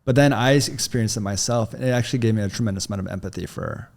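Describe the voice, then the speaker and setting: A man's voice: fairly low pitch, very fast, a little mellow. A man in his thirties, a podcast guest telling a long personal story in a casual, chatty way full of "like" fillers, on a studio mic.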